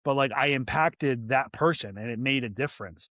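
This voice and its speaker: A man's voice: medium pitch, moderate pace, fairly bright tone, dry recording, studio quality. A man guest on a podcast, talking candidly and earnestly, with restarts and many fillers. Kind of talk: candid interview talk.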